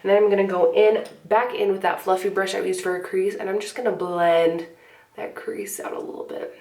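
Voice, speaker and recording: This young woman, a beauty vlogger, moves a little fast at a medium pitch while casually talking through a makeup tutorial and sniffling from a cold. Fillers pepper her relaxed, chatty delivery. The echoey room and distant, slightly off-mic placement are audible.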